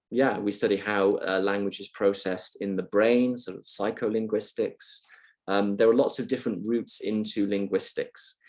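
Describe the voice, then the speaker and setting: A man with a low, gravelly voice answers student questions in an unscripted online session. He pauses often with ums and uhs, thinking aloud as he explains. The sound comes through a computer mic on a video call. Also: darkish tone. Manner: hesitant, many ums and uhs, thoughtful. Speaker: university lecturer answering questions.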